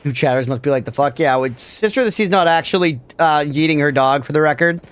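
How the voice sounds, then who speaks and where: A man's voice: on the high side, fast talker. A man streaming a video game, chatting casually and joking as he answers his chat. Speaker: gaming streamer. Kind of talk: casual live-stream chat over gameplay.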